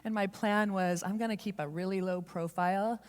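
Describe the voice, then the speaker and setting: A woman's voice: medium pitch, fairly even intonation, smooth. Heartfelt woman preaching in a reverberant church. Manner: heartfelt, confessional, speeds up and slows down for emphasis. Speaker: church speaker. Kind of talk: personal storytelling sermon. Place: church sanctuary. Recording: long reverb of a large hall.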